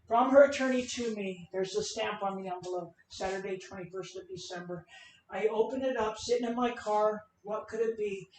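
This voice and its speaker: A woman giving an emotional personal testimony as a keynote speaker, swinging from loud outbursts to hushed lines. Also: mid-range voice. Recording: roomy, from a distance, faint noise.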